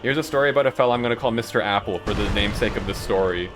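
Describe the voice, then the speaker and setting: A man's voice: on the low side, rapid-fire, fairly bright tone, soft background music. A man streaming a game and telling rambling school stories in a casual way, with a lot of "like" and frequent laughs. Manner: rambling, laughs often, lots of "like". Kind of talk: casual storytelling while gaming.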